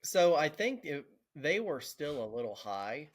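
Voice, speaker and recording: Animated laughing man. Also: a little high, unhurried. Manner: animated, laughs through his stories, swears casually. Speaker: podcast co-host. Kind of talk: casual storytelling.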